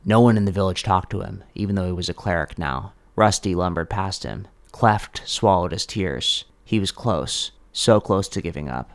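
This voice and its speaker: Male storyteller, low and lively, dramatic scripted narration, dry close sound. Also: no echo. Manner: dramatic, with sudden shifts in pace.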